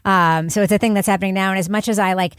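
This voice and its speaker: A woman leads a casual podcast panel, her voice smooth and clear. She talks in a chatty, emphatic way, with blunt opinions. The sound is dry and close. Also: mid-range voice, fairly even intonation, racing, no echo. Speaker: podcast host.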